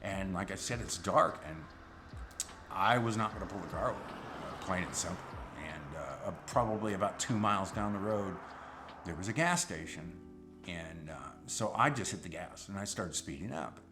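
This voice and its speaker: A middle-aged man, a rideshare driver, telling a personal story in an animated, suspenseful way. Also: low-pitched, normal speed, over music.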